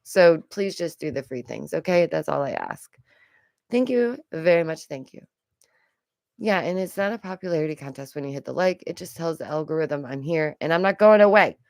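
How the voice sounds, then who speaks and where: A woman's voice: low voice, animated, moderate pace, gravelly, a little mellow, dry recording, studio quality. A young adult woman giving casual, rambling reaction commentary as a vlogger, with lots of asides. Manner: chatty, rambling, with frequent asides and laughs.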